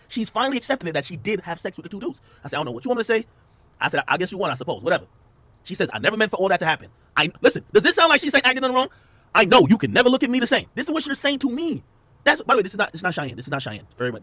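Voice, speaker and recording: A man hosting a podcast, telling a story in rapid, emphatic, slang-heavy casual talk. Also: high-pitched, sharp tone, slightly rough, no room sound. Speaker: podcast host. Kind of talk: casual monologue to camera.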